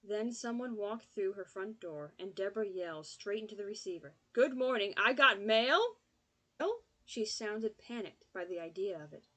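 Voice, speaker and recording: A woman reading an audiobook in steady, scripted narration. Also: mid-range voice, normal speed, hardly any pauses, low-quality recording.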